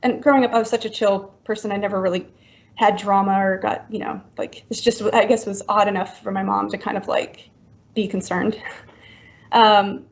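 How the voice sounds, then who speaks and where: A woman in her thirties talks through a personal story as a podcast guest, her speech halting and packed with likes and ums. Her voice has a gravelly, creaky texture, and the recording sounds muffled and lo-fi. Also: medium pitch, steady tone. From Florida, US. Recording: dull lo-fi recording.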